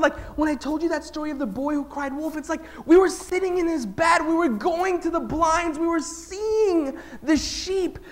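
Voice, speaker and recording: Guy telling kids a story, lots of questions to the crowd, goes loud then quiet, kinda high voice. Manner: animated, swings between loud and hushed; engages the audience with questions. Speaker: speaker at a children's event. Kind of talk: storytelling talk to children.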